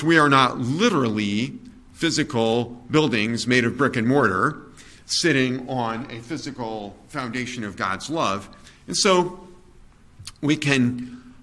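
A man preaching a sermon in a conversational, digressive way, with fillers, self-corrections and soft chuckles at his own asides. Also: medium pitch.

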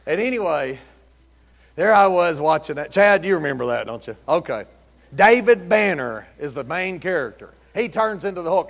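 A middle-aged man preaching a sermon as pastor, folksy and storytelling, rising to loud emphatic peaks. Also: fairly high pitch, big-room sound. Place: church sanctuary.

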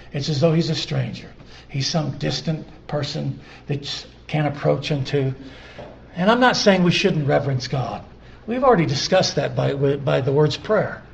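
A man preaching a sermon, repeating scripture phrases and building from quiet, drawn-out lines to loud emphatic peaks. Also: medium pitch, gravelly, dull audio.

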